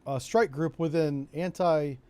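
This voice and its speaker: Middle-aged florida guy streaming a navy sim, slightly high voice, joking around with chat. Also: moderate pace, a little mellow, clean tone, no room sound. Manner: chatty, joking asides, talks to chat. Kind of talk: casual gameplay commentary.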